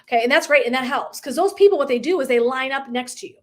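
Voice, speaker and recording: A woman's voice: high-pitched, lively intonation, quick pace. Emphatic, swearing woman coach. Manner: emphatic, profane, laughs often, acts out dialogue. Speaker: wellness and life coach. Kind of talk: live motivational coaching talk.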